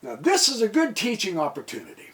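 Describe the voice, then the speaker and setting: A man's voice: high-pitched, huge pitch swings, fairly quick, fairly bright tone. A tired American man giving a casual chess lesson, rambling and joking to himself between points. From United States. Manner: rambling, jokey asides, mutters to himself. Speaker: chess teacher.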